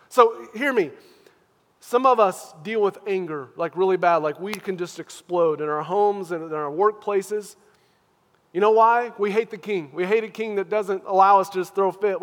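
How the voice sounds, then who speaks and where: A man preaching a sermon as a pastor, earnest and questioning, moving from hushed, tender phrases to loud, pressing appeals. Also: high-pitched, in a large hall.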